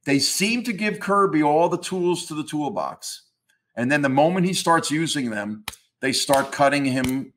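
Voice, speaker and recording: A man's voice: fairly high pitch, lively intonation, measured pace, a bit bright. A man, a comics historian interviewed as a guest, arguing his views emphatically in a ranting tone and swearing casually. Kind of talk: opinionated interview talk.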